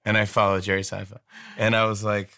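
A man in his forties, a guest in an interview, telling animated, rambling stories. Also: on the low side, fairly quick, creaky, dry recording, studio quality. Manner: animated, rambling anecdotes with restarts. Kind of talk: storytelling interview chat.

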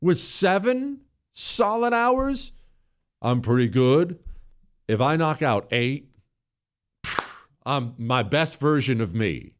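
A man's voice: medium pitch, sing-song, slow, pauses often. A middle-aged man hosting a talk radio show, speaking in a cocky, joking, conversational way with frequent restarts. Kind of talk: casual monologue.

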